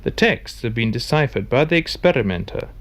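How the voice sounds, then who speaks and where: A man reading scripted documentary narration in a measured, formal way. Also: medium pitch, lively intonation.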